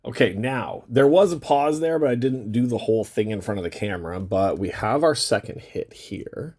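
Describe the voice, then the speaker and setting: Card-break host, male, husky voice, lively rambling pitch, stretches out phrase endings, casual cursing. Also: moderate pace. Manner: draws out the ends of phrases; rambling, chatty, swears casually. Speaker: card-opening channel host. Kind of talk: casual chat while opening trading cards.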